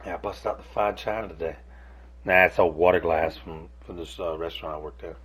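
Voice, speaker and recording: A man's voice: low-pitched, fairly even intonation, a little fast, a bit bright, husky. A man, ranting casually to camera, rambling and cursing with many restarts. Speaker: host. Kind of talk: casual solo rant to camera. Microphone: camera on a device, close.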